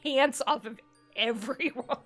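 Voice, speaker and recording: A woman chatting casually on a live stream, telling animated stories, swearing freely and laughing often. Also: high-pitched, slow, faint music behind. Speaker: streamer co-host.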